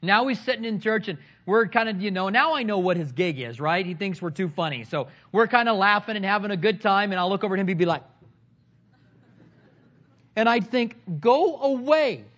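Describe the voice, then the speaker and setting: A man with a high, light voice preaches to his congregation, mixing scripture with humorous, animated anecdotes. The recording sounds slightly dull and lo-fi. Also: a little fast. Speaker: pastor. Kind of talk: sermon.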